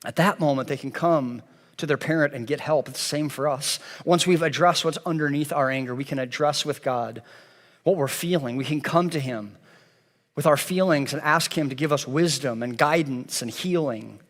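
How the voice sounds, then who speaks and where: Man, pastor, sermon, earnest repetitive cadence, fairly high voice, long reverb in a church hall. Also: normal speed. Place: church sanctuary.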